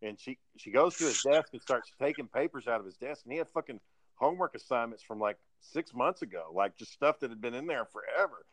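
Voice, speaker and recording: A man's voice: medium pitch, lively intonation, fairly quick, a bit bright, dry recording, rough recording. Man, casual chat, profane, rambling, lots of restarts, dry sound.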